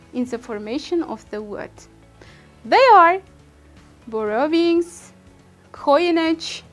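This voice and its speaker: Young Uzbek-accented woman presenter; slow, careful classroom delivery with some restarts, soft music underneath. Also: high voice. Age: young adult. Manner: halting, repeats and restarts words. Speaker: student presenter.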